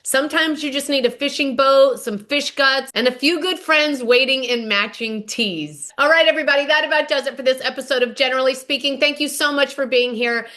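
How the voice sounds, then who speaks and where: A woman's voice: sits high, a little fast, few pauses, pushed and bright. A woman hosting a podcast, recapping a reality show episode in a chatty, gushing storytelling way. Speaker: podcast host.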